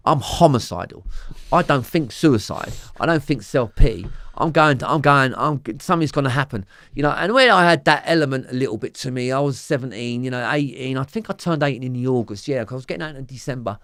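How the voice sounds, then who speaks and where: A man's voice: medium pitch, fast, no room sound, studio quality. Rambling, swearing Cockney man. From London, England. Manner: rambling and profane, full of fillers; lively, swings from loud to quiet. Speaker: interview guest. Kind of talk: candid storytelling interview.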